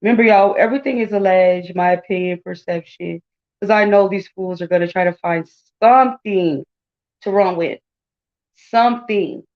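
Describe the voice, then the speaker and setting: Woman in her forties, commentary host; blunt, indignant, mid-pitched, slightly dull home recording. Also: normal speed. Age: 40s. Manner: blunt, indignant, talks straight to viewers with many asides. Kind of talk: casual commentary.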